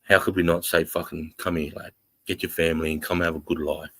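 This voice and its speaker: A man's voice: a bass voice, level tone, a little fast, bright, forceful tone, dry recording, rough recording. An Australian man in his forties hosting a casual livestream, blunt and sweary as he reads the chat and greets viewers as brothers. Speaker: livestream host reading chat.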